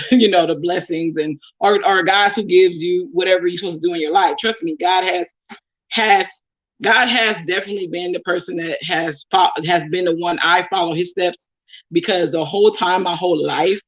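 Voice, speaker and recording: The recording is muffled, and her fairly low voice holds a steady tone at normal speed. A young Oakland native with a Bay Area accent, she chats casually to camera in reply to follower questions, often laughing and saying um.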